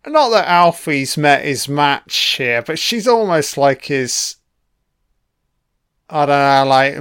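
Man, casual movie commentator, resonant voice, mid pitch, cheeky and profane. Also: a bit bright, clean tone, no echo, clean studio sound. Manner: swears freely, rambling asides, chuckles. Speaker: film commentator.

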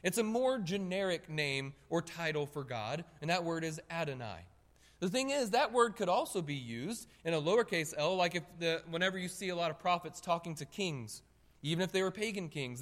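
A high-voiced man preaches a sermon with animated emphasis, calling on the congregation to look and answer. His voice rings out with a long reverb in the church hall. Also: normal speed.

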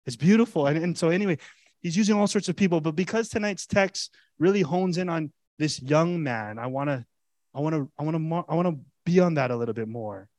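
A male pastor preaching an animated, conversational sermon full of rhetorical questions to his congregation. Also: fairly high pitch, no room sound.

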